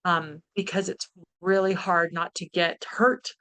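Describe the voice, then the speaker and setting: A woman's voice: lowish voice, steady tone, a little slow, sharp tone. A woman telling a personal story in a talk, candid and earnest, with frequent ums and restarts. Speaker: speaker.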